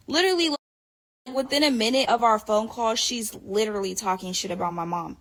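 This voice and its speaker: A young woman talks casually as an interview guest, her voice sitting a bit high and full of gravelly fry. She is animated and swears freely. She keeps breaking into laughter as she tells stories. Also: brisk, a little hiss or hum. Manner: animated, profane, laughs often. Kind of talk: casual storytelling.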